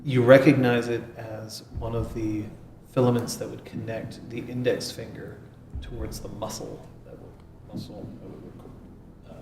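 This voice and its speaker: A man narrating a tabletop game as game master, measured and dry, pausing on fillers. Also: medium pitch, level tone, vocal fry. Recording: echoey room with faint noise.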